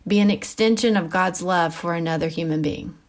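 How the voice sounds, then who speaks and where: A woman, a mother of school-age kids, hosting a casual Christian teaching podcast, talking in a chatty, animated way with frequent asides and fillers. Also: lowish voice, fairly quick. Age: mother of middle schoolers. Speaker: podcast host.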